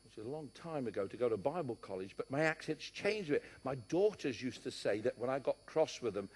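A man's voice: mid-range voice, animated, brisk, slightly rough. A middle-aged man with a West London accent preaching a sermon, emphatic and mixing in joking asides. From born in Scotland, raised partly in London. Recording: long reverb of a large hall.

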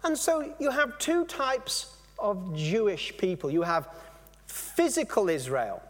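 A man preaching a sermon, animated, stopping and restarting phrases as he explains. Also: high voice, slow pace, in a large hall. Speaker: pastor.

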